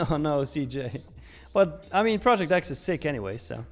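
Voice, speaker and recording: A man's voice: fairly high pitch, very animated, moderate pace, faint music behind. A young man hosting a live trading stream in casual chat, reading viewer questions aloud and answering them. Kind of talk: casual live market commentary.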